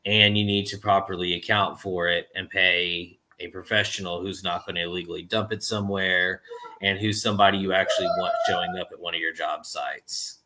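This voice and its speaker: A man's voice: low-pitched, fairly even intonation, a little fast, pushed and bright, slight background noise. A man in casual podcast chat, plainly explaining how contractors should run their jobs. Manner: matter-of-fact, explains business practice plainly.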